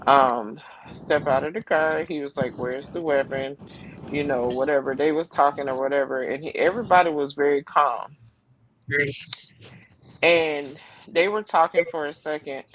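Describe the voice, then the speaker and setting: A woman hosting a live video chat, telling a story in an animated way, with fussing and laughter. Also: sits low, no echo, low-quality recording. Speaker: host. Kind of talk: casual chat on a live stream. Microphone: video call.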